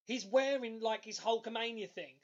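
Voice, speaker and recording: A man co-hosting a podcast, telling stories in an excitable, animated way with loud bursts. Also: very high-pitched, moderate pace, dull audio. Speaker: podcast co-host. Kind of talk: casual chat.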